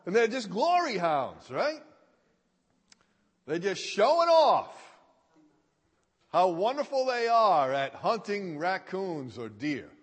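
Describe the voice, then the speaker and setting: A male preacher giving a sermon in a folksy way, repeating key phrases for emphasis, heard with a long hall reverb. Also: high voice.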